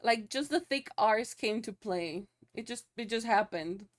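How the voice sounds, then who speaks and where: A woman's voice: fairly high pitch, expressive, measured pace. A young woman streaming live, chatting loosely with her viewers, laughing often and swearing casually.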